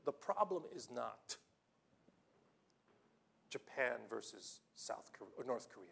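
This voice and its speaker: A male pastor preaching a sermon, telling the story with animated swings between loud exclamations and hushed tones, often filling with "you know". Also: medium pitch, unhurried, gravelly, breathy edge. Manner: fills with "you know" and restarts.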